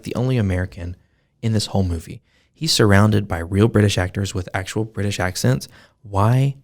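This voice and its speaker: A man co-hosting a podcast, chatting casually and opinionatedly with jokes and frequent laughter. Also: fairly low pitch. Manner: joking, opinionated, laughs often. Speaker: podcast co-host. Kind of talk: casual chat about a film.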